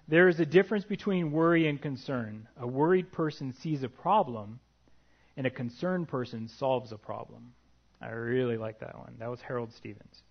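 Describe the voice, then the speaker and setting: A man's voice: medium pitch, moderate pace, gravelly, lo-fi sound. A man preaching a sermon, reading scripture aloud in an earnest way with light personal asides.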